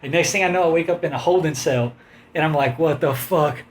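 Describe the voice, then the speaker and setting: A man's voice: on the high side, fast talker. A man casually telling a long, rambling personal story, often quoting others and laughing along. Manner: rambling, animated anecdote with quoted voices and laughs.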